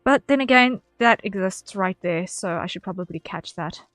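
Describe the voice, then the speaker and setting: A woman's voice: mid-range voice, lively intonation, moderate pace, a bit bright, dry recording, soft background music. Rambling young woman streaming a game. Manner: rambling, self-correcting, laughs at herself. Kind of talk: casual gameplay commentary.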